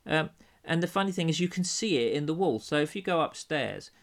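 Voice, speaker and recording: A man's voice: on the high side, animated, brisk, vocal fry. A tired man hosting a casual podcast chat from an old house, with dry, wry humour and hesitant fillers. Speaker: podcast host.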